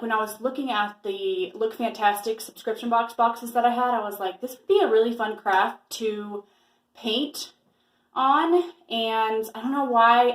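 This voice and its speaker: Chatty young woman vlogger, echoey room. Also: on the high side. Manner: chatty, rambling with fillers. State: slightly out of breath. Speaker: lifestyle vlogger. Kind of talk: casual vlog chat. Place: home.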